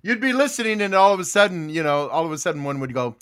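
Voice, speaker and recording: A man hosts a casual call-in chat show, chatting in an animated way and reading listener comments aloud. His voice sits a little high and swings widely in pitch, with a bright, forceful tone. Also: fast talker, clear, resonant tone. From Pacific Northwest. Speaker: show host.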